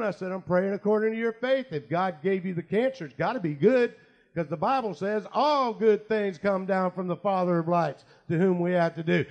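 A man preaching a sermon, telling stories and acting out the people in them, with quiet asides and loud bursts of prayer. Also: high voice, moderate pace. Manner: storytelling, voices quoted people, swings from quiet asides to loud shouted prayer. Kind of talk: sermon with acted anecdotes.

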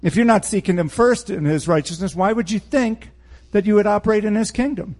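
A man's voice: high-pitched, fairly quick, a little mellow. A man preaching a verse-by-verse Bible teaching sermon in a blunt, emphatic way, with sarcastic asides.

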